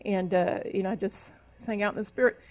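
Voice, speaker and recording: A woman's voice: medium pitch, fairly even intonation, brisk, a little mellow. Middle-aged woman pastor preaching, preacherly and emphatic, breaks into tongues. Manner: preacherly, speaks in tongues, rises into emphatic calls. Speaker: minister. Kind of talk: sermon. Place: church service.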